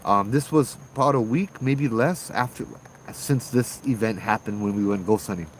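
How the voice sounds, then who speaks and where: A man with a Hawaii local accent tells a ghost story in a relaxed, casual way, his voice sitting fairly low. He is animated and slips into the voices of the people in the tale. Crickets chirp faintly behind him. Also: moderate pace, slight background noise, rough recording. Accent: Hawaii local English. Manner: animated, acts out voices in dialogue. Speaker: ghost tour guide and storyteller.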